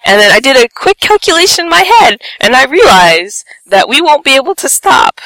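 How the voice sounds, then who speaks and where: In a high-pitched voice and at normal speed, a woman shares a humorous anecdote from her own life, giggling often and performing what people said with squeals and shouts. The recording is dry and low quality.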